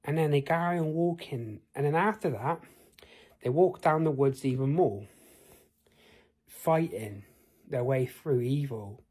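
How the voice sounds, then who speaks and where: A man's voice: a little high, unhurried, long pauses, darkish tone, slightly rough. A man telling an improvised fantasy tale in a rambling way, asking the listener questions. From United Kingdom. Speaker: storyteller.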